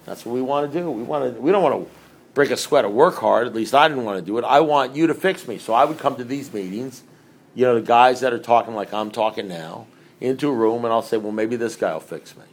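A man's voice: mid-range voice, quick pace. A middle-aged man giving a rambling, conversational recovery talk to a group and asking his listeners questions. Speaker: speaker at a recovery meeting.

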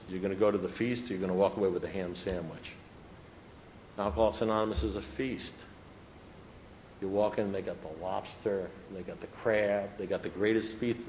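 A man telling his recovery story to an audience, animated, swinging from loud outbursts to quiet asides. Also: lowish voice. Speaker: recovery speaker. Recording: echoey room, faint background noise.

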